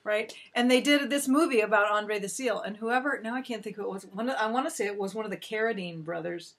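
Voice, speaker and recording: A woman's voice: mid-range voice, quick pace, a bit bright. A woman hosting a casual talk show, chatty and enthusiastic, laughing often. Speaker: host. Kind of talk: casual chat.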